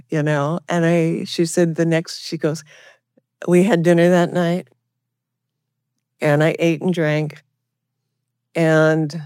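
A woman's voice: sits low, a little mellow, clear, resonant tone, no room sound, clean studio sound. A middle-aged woman sharing her recovery story at a meeting, talking earnestly and rambling with many restarts. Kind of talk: personal recovery share.

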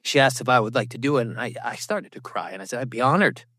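A man sharing his recovery testimony at a meeting, telling it as an animated story with self-mocking asides and quick impressions of other people. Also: medium pitch, breathy edge, dry recording, clean studio sound. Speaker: recovery program speaker. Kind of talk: personal testimony talk.

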